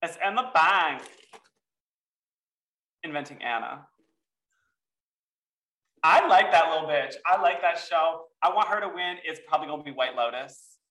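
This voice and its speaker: Bright, playful man from a bit off-mic. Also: fairly high pitch, expressive, measured pace, pauses often, far from the mic, poor audio. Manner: playful, dramatic, teasing. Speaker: podcast host. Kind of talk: casual chat.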